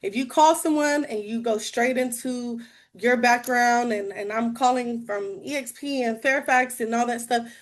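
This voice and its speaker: A bubbly, chatty woman with a slightly raised voice talks through her sales tips on a video call. She sounds casual and laughs easily, in the manner of an inside sales agent coaching a room of peers. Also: on the high side. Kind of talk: casual training talk on a call.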